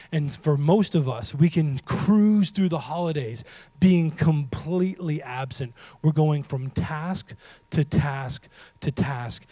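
A man preaching a sermon, animated and humorous, talking straight to his audience and dropping to a hush for emphasis. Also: a little high, husky, no echo. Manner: animated, swings from loud to hushed for emphasis; humorous, talks to the audience directly. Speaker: pastor.

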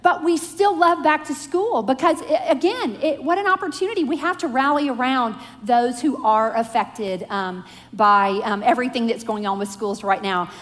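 Her voice sits high and moves at a moderate pace with hardly any pauses as this middle-aged woman addresses her congregation in a church sanctuary. She prays and shares family anecdotes in a chatty, playful, self-deprecating way, with big-room acoustics.

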